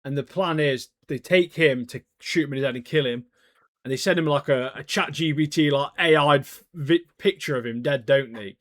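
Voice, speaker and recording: Man, podcast co-host, slightly higher voice, slangy casual chat. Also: moderate pace, fairly bright tone, no room sound, clean studio sound. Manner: chatty, slangy, acts out characters' lines.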